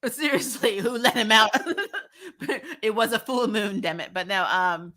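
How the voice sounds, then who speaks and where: A woman chatting casually as a podcast guest, animated and ranting, laughing often. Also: medium pitch, a little slow.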